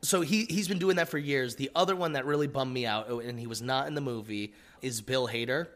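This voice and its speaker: A man co-hosting a podcast in casual chat, an excitable fan gushing about a show. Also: medium pitch, brisk. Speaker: podcast co-host.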